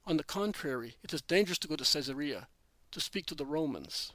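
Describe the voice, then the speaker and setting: A man's voice: fairly high pitch, lively intonation, brisk, fairly bright tone, no echo. A man voicing Judas, protesting and insistent. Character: Judas, anxious resentful adult male apostle.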